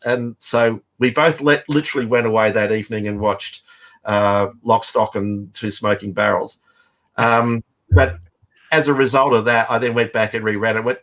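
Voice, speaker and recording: A man's voice: medium pitch, steady tone, moderate pace, fairly bright tone. A middle-aged man who writes and teaches comics, talking casually in a rambling way full of fillers and restarts. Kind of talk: casual chat.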